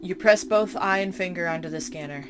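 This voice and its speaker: A woman's voice: on the low side, a little fast, background noise. A woman playing a horror game, reading its text aloud and breaking off for startled, chatty asides. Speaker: game streamer.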